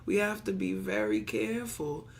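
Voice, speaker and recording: A woman priestess leads a worship service, delivering a storytelling sermon that recounts a sacred story in rhythmic, repetitive preaching. Her bass voice is very animated and moves at a moderate pace.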